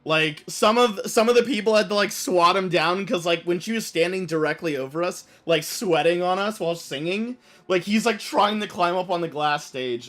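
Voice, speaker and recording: High bright animated male streamer. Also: normal speed, few pauses. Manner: animated, rambling, lots of fillers. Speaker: game streamer. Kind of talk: casual storytelling while playing.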